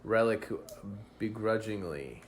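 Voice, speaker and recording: A man running a tabletop game as game master, narrating with many pauses and fillers. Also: fairly low pitch, expressive, slight background noise. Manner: hesitant, filler-heavy narration.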